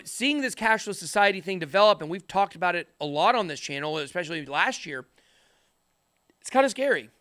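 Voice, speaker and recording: A middle-aged man talks to the camera in a high, bright, forceful voice. He rambles energetically and slips in jokes. The sound is close and dry. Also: dry recording. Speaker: crypto channel host. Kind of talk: casual chat to camera.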